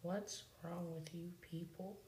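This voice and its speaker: A woman voicing an exasperated adult male filmmaker in a soft whispered role-play. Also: on the low side, flat delivery, takes it slowly, roomy sound, recorded from a distance, a little hiss or hum. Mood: indignant. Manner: soft whisper, lightly voiced.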